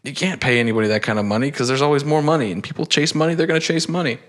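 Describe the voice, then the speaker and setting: A man's voice: mid-range voice, rapid-fire. A man co-hosting a podcast in casual, rambling chat, swearing often and using many fillers. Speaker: podcast co-host.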